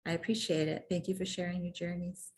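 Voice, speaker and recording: Woman faith leader, low voice, calm pastoral reflection. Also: brisk, a little hiss or hum. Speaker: minister leading the circle.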